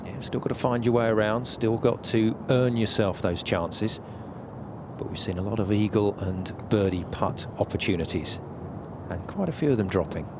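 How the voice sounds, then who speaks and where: A man doing measured, conversational play-by-play as a golf commentator on a broadcast. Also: lowish voice, noisy background. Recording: music bed under the commentary.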